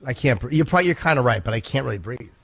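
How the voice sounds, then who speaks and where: A radio co-host voicing a sleepy, nose-blowing middle-aged man in a headband and sweatbands, with a husky, drowsy voice. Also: mid-range voice, animated, very fast, a bit bright, no room sound, full character voice. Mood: oblivious. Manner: drowsy, cheerfully oblivious, keeps sniffling. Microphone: studio microphone.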